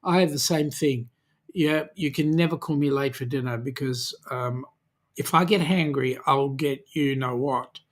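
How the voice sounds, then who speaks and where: An Australian man hosting a casual livestream, reading out viewer comments and greeting each one in a friendly way, with lots of "um"s. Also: medium pitch. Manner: slow, friendly, with many "um"s, greeting viewers by name. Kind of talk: casual live chat.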